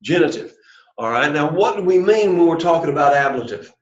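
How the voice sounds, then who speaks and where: After a prayer to open the session, a man patiently drills an introductory Greek class, speaking briskly in an expressive voice on the high side. The recording has the echo of the room and a dull, lo-fi sound.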